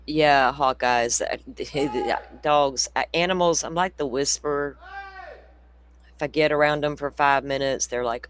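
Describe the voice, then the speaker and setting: A man's voice: on the high side, fairly even intonation, a little slow, fairly bright tone, clear, resonant tone, dry recording. A man hosting a casual true crime livestream, rambling through stories, laughing often and swearing freely. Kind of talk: casual chat with viewers.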